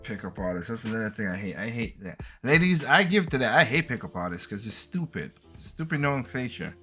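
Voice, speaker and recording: A man in his late thirties co-hosting a podcast, talking in a laid-back, rambling way with halting restarts. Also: medium pitch, sing-song, bright, forceful tone, soft background music. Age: 30s. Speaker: podcast co-host. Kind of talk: casual podcast chat.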